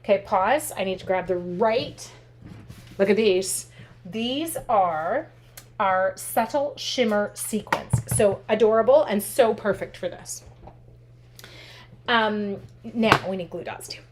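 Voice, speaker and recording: A woman's voice: mid-range voice, slow, noisy background. A chatty woman giving a casual craft tutorial while telling stories as she works. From Canada. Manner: chatty, animated, talks while working with her hands. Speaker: craft demonstrator.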